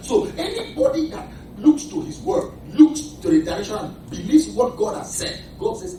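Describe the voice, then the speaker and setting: A man with a Nigerian accent preaching a sermon, animated, shouting and laughing, calling to his congregation for answers. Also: high-pitched, normal speed, slight background noise. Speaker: pastor. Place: church. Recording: echoey church hall, mic at a distance, congregation audible. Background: responding congregation.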